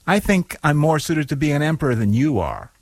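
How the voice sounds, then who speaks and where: A man's voice: on the high side, sing-song, no echo. An actor playing a superior man who thinks he is fit to be emperor. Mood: haughty. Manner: slow, superior.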